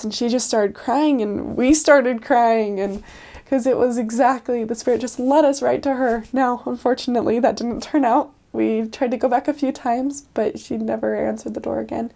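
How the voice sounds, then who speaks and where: A young woman tells stories in a loose, chatty way, scattering "like" and quick laughs through her sentences. Her voice sits fairly high but sounds warm and mellow rather than bright. She speaks as a returned missionary being interviewed. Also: steady tone, creaky. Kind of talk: casual storytelling interview.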